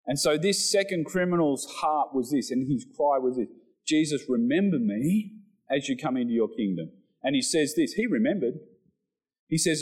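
A man preaching a sermon to his church, telling the story with animated delivery and acted-out quotes. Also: medium pitch, moderate pace, breathy edge, low-quality recording. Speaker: pastor.

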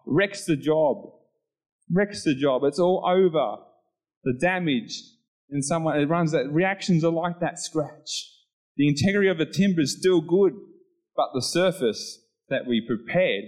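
A man's voice: fairly high pitch, poor audio. A middle-aged man preaching an informal sermon in a chatty way, acting out little scenes with sudden voice changes.

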